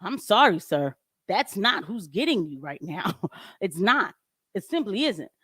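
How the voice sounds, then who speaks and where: Woman streamer, casual commentary, animated and emphatic, dry close home mic, mid pitch. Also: a little slow, breathy edge, no echo. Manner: animated, emphatic, laughs often. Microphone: home microphone with audio trouble.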